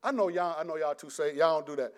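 A middle-aged man preaching a conversational sermon, often restarting his sentences and swinging between loud and hushed delivery. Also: fairly high pitch, fairly even intonation, fast talker, smooth.

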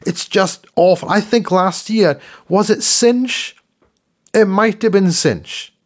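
A man's voice: sits high, slow. A man co-hosting a podcast, chatting casually and ranting, often repeating words as he gets worked up. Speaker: podcast co-host. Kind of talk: casual chat.

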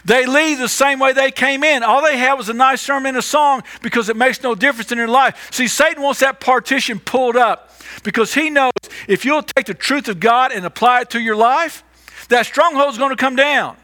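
A male pastor delivers a sermon in a high, bright, forceful voice. He talks emphatically, circling back on phrases and sometimes stumbling through restarts. The delivery sounds tense and forward. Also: moderate pace. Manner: emphatic, repetitive, stammers on restarts.

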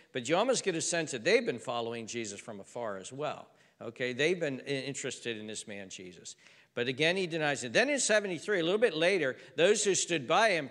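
A man's voice: on the high side, pushed and bright. A man preaching a sermon in an earnest, conversational way, often repeating himself for emphasis. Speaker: pastor. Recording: reverberant hall.

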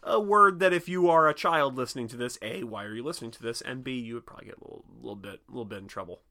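A man co-hosting a podcast in casual chat, animated and joking, swearing often and laughing a lot. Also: medium pitch, racing. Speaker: podcast co-host.

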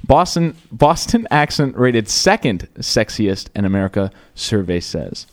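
A man's voice: lowish voice, a little slow. A young man hosting a college radio show, chatting casually and jokingly with a guest in the studio. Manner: joking, rambling, animated.

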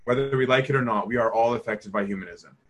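A man with a husky, slightly breathy voice leads a conversational Bible study. He keeps turning to his listeners with rhetorical questions and slips into the voices of the people he quotes. His pitch sits in an ordinary middle range for a man. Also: fast. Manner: asks the audience rhetorical questions.

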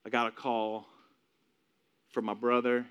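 A man's voice: medium pitch, flat delivery, a little slow, clean tone, muffled recording. A man in his forties giving a personal testimony, emotional and repetitive as he tells his story. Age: 40s.

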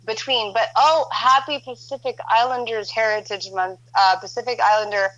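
A woman's voice: fairly high pitch, fairly even intonation, moderate pace, a bit bright, dull audio. A woman, a model and actress, chatting as a podcast guest and laughing easily. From Filipino-Norwegian heritage. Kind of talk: casual chat.

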